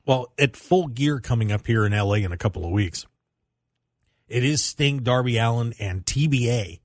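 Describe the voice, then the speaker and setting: On his wrestling radio program, this host banters casually and needles his co-host, getting animated with sharp upward pitch leaps as he reacts. He speaks at a moderate pace, recorded dry at studio quality.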